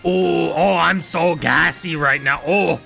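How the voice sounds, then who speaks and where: A man doing a loud, slow, groaning impression of a gassy, greedy cartoon villain. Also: fairly high pitch, gravelly, soft background music, exaggerated voice.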